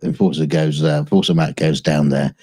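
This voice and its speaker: A man co-hosting a podcast, telling crude comic stories with a husky voice and frequent laughter. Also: extremely low pitch, fairly even intonation, fairly quick, dark tone, dry recording. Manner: laughs often, tells bawdy stories. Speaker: podcast co-host. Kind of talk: crude comedic banter.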